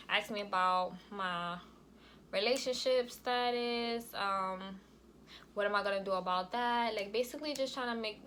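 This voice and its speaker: Bright-voiced young woman telling a story. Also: medium pitch, a little hiss or hum. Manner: chatty, frequent "like" and "y'all". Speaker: vlogger. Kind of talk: casual story time.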